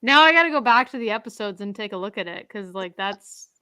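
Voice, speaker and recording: Young woman podcast host, bright chatty tone, dry close sound. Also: mid-range voice, a little fast, clear, resonant tone, dry recording. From Canada. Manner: chatty, laughing, animated. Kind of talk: casual chat among friends.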